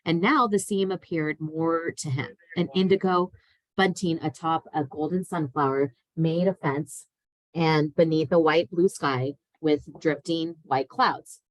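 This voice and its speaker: Woman reader, low pitch, plain storybook reading, dry sound. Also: measured pace, dry recording, low-quality recording. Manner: plain, steady reading with small slips. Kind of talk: reading a children's novel aloud.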